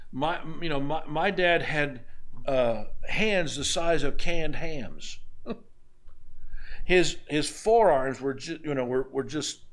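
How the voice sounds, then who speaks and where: A man preaching a sermon in a folksy, emphatic way, repeating his exhortations. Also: fairly high pitch. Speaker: pastor.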